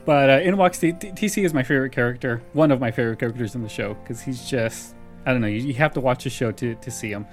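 A man's voice: medium pitch, quick pace, few pauses, soft background music. A man hosting a casual chat, retelling a sitcom episode and laughing often as he goes. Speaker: podcast host recapping a sitcom.

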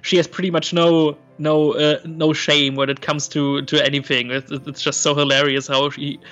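A man's voice: a little high, level tone, normal speed, a bit bright, dull audio, soft background music. Hesitant man recapping a show. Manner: hesitant, many ums and restarts, retelling scenes. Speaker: podcast co-host recapping an episode. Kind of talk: casual chat.

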